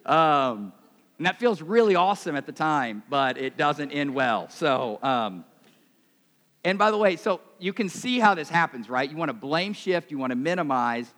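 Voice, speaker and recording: A man preaching a sermon in a conversational, self-mocking way, his voice swinging between loud and quiet. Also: a little high, big pitch swings, normal speed, long reverb tail. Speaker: pastor.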